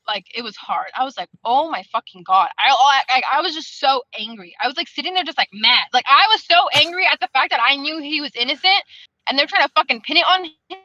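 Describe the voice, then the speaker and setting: A woman's voice: sits high, animated, fast talker, sharp tone, dry recording, lo-fi sound. A woman in a casual book club chat on a video call, venting in a heated, profane, rambling way.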